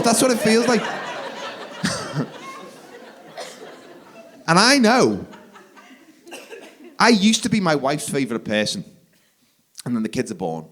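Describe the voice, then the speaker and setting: A man, doing live stand-up comedy on a theatre stage and leaping into loud shouted voices for his kids. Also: fairly high pitch, a little hiss or hum. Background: audience laughter.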